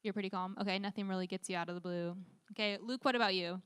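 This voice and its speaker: A woman's voice: mid-range voice, fairly even intonation, fast talker, a bit bright, clean tone, dry recording, clean studio sound. A young woman leading a youth group Bible talk, upbeat, often putting questions to the teens. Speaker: youth leader.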